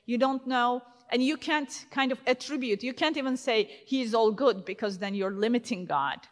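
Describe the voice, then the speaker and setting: A woman in her thirties talks to a conference audience in a loose, chatty way, full of fillers and false starts. Her voice sits a little high. The sound carries a long reverb from a large hall. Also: moderate pace. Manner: conversational, lots of fillers and restarts. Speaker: conference speaker. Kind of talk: conference talk.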